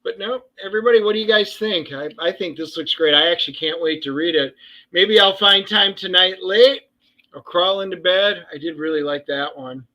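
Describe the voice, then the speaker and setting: A man chats excitably with a high, bright voice, rambling and tossing out sarcastic banter. His sound comes through dull and lo-fi, like a cheap stream mic. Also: moderate pace. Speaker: co-host and writer. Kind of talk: casual livestream chat.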